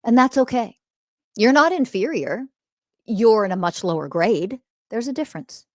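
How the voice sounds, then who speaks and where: A woman hosting a podcast, delivering a confrontational, profane ranting monologue that swings from loud emphasis to quiet muttering. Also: fairly high pitch, expressive, normal speed, no echo, studio quality. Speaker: podcast host.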